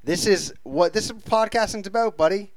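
A man's voice: sits high, a little fast, a crowd in the background. Man trading crude podcast banter. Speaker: podcast co-host. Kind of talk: casual comedic chat.

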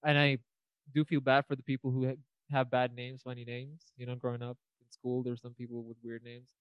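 A man's voice: mid-range voice, monotone, brisk, smooth, dry recording, lo-fi sound. A young man co-hosting a podcast, chatting casually and rambling with lots of fillers. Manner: rambling, filler-heavy, laughs often. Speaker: podcast co-host. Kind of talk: casual chat.

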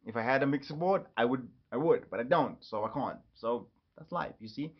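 A man hosting his own casual solo podcast, rambling and jumping quickly from topic to topic. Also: medium pitch, lively intonation, husky. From Ireland. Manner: rambling, jumps between topics. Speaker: podcast host. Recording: slightly dull lo-fi audio.

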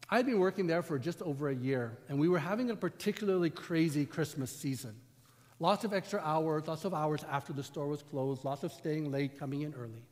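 Male pastor, storytelling sermon, higher-pitched voice, long church reverb. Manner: storytelling, conversational.

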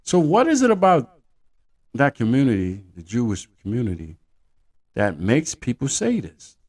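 A man hosting a podcast who delivers a casual monologue with profane, animated storytelling. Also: mid-range voice, moderate pace, slightly rough. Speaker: podcast host.

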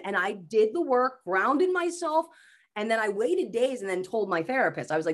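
A woman comedian and mental health speaker, a guest on a podcast, talking in a high-energy, animated storytelling way. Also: normal speed. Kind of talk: casual podcast conversation.

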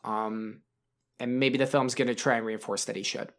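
A man's voice: mid-range voice, steady tone, moderate pace. A man co-hosting a podcast, talking in a loose, rambling way. He restarts his sentences often and fills the gaps with "like" and "um". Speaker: podcast co-host. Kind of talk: casual podcast chat.

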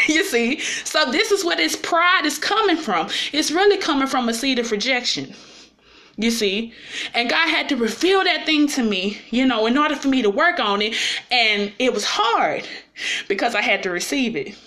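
A woman's voice: on the high side, very animated, moderate pace, pushed and bright. A woman giving an informal, personal sermon, often checking in with her listeners as she speaks. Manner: personal and confessional. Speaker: preacher.

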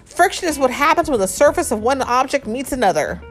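Woman voicing a friendly know-it-all giant, storybook, sing-song, lively. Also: high-pitched, brisk, faint music behind, voice pushed up. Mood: explaining. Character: big, cheerful know-it-all male giant.

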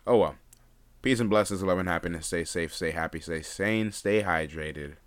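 Still groggy in the morning, the young solo podcast host rambles on unscripted with lots of fillers and false starts. His voice sits low and moves at a moderate pace.

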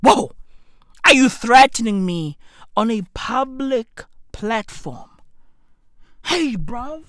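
A woman giving profane comedic reaction commentary, excitable and swearing, repeating her phrases for effect. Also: on the high side, slow pace, long pauses, no echo, studio quality.

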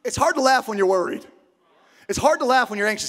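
High-voiced pastor preaching with big swings. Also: male voice, animated, quick pace. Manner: emphatic preaching with repetition, swings from loud shouts to hushed near-whispers. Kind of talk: sermon.

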